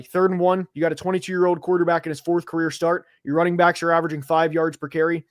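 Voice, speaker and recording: Excitable man talking football, dry sound. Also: fairly high pitch, fast, no room sound. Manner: animated, gets worked up, filler-heavy. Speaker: host of a football preview show. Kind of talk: casual sports chat. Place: home studio, seated.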